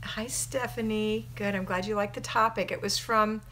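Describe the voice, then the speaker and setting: Speaking at a normal speed with a medium pitch, this woman keeps her intonation fairly even and her tone fairly bright. She's a middle-aged American homemaking coach running a casual livestream from her home, greeting viewers by name and sharing advice in a cheerful, talkative way. Slight background noise can be heard.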